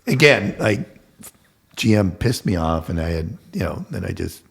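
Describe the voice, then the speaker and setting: A man's voice: deep voice, very animated, moderate pace, gravelly, fairly bright tone, slightly rough. An older man, a guest telling stories casually and acting out the dialogue, swearing freely. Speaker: guest contractor. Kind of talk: casual storytelling.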